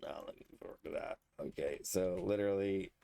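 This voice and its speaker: Let's play host, male, low and gravelly, half to himself, relaxed commentary. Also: a little fast, slight background noise. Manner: muttering, thinking aloud while building. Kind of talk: casual gameplay commentary.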